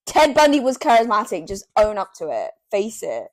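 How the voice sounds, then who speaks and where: A woman's voice: mid-range voice, wildly swooping pitch, moderate pace, no echo. Young female co-host, loose chatty delivery, dry recording. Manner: rambling, heavy on "like", swears freely. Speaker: podcast co-host. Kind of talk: casual chat.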